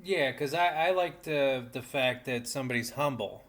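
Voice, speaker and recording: Co-host, mid pitch, short supportive interjections, casual. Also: moderate pace. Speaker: podcast co-host. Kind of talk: casual chat.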